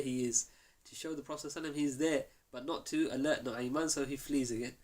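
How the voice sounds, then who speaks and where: A male teacher speaking at medium pitch narrates a story to his class in a mosque, bringing every quoted line to life with energy. His intonation is fairly even, and he talks quickly with hardly any pauses.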